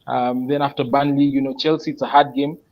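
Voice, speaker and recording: Guy thinking out loud about his picks, lots of pauses, mid-pitched voice, audio a bit muffled and lo-fi. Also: little pitch movement. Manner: thinks aloud, explains picks step by step with many pauses. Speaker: panelist presenting his fantasy football team. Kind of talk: casual online chat.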